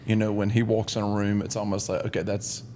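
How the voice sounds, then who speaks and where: A man hosts a podcast and puts casual, loosely phrased questions to his guest. His voice is a little low. Faint room ambience sits underneath. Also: monotone, fast talker, a little mellow, slight background noise. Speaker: podcast host.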